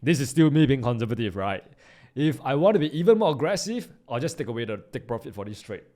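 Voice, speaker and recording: A man talks through a live trading session in a loose, slang-heavy way. He bursts into loud excitement, then drops to quiet mutters, in a voice of middling pitch. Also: fast talker. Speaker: trading YouTuber.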